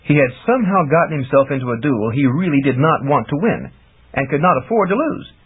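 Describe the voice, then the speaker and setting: A man narrating a fantasy audiobook in a lively, expressive reading, heard over tinny phone-like audio. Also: on the high side, a little fast, slightly rough.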